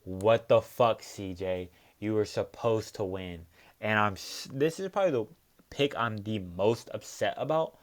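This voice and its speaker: A man's voice: on the low side, unhurried. A young man hosting a casual solo fight recap, talking in profane, heated rants full of fillers. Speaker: MMA recap host.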